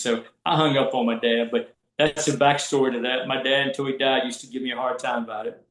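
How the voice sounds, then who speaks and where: A fairly quick, medium-pitched man from Southwest Virginia chats on a podcast, telling animated stories about his work as a college basketball referee. He acts out the voices of people he quotes, and the recording is reverberant and rough.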